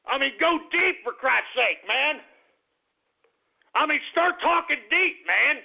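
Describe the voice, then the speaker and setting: A man's voice: extremely high pitch, expressive, slow pace, creaky, long pauses. A man hosting a talk radio show, ranting in a crude, repetitive monologue. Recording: tinny phone-like radio sound.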